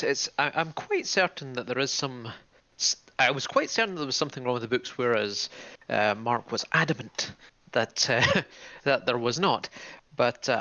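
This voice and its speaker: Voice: medium pitch, sharp tone, no echo. A player in a tabletop role-playing game, speaking in a formal, hesitant, fussy manner. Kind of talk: in-character tabletop play. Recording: dry, dull lo-fi mic.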